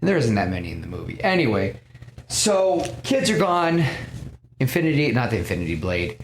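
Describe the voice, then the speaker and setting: A man's voice: medium pitch, big pitch swings, a little fast, slight background noise. A man hosting a podcast, casually retelling a film scene by scene with lots of restarts and quoted lines. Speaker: podcast host pitching a film.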